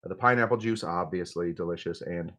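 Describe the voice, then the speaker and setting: A man's voice: low-pitched, brisk, sharp tone. A man hosting a live cocktail-making stream, talking casually and rambling with lots of fillers and asides. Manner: rambling, chatty, self-deprecating, with many fillers. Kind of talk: casual livestream chat while mixing drinks.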